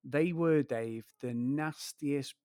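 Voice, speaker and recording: Recorded cleanly in a studio with no echo, a podcast co-host from Greater Manchester, England speaks at medium pitch, slowly and a little mellow. He tells long, profane stories in a relaxed chat, wandering off on tangents and often addressing the other host directly.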